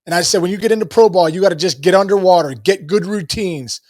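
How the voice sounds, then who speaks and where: A man's voice: sits high, quick pace, a little mellow, no room sound, clean studio sound. A man, a podcast guest, giving upbeat coaching advice in casual talk and repeating words. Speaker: podcast guest, former ballplayer.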